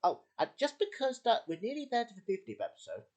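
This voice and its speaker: A man's voice: extremely high pitch, huge pitch swings, fast talker. A man hosting a homemade puppet show, talking in a rambling way with many slips and restarts. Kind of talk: casual chat.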